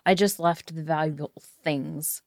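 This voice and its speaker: A woman's voice: low voice, fairly even intonation, a little slow, gravelly, no room sound, studio quality. A woman playing a tabletop game, talking casually and hesitantly with lots of hedging. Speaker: player.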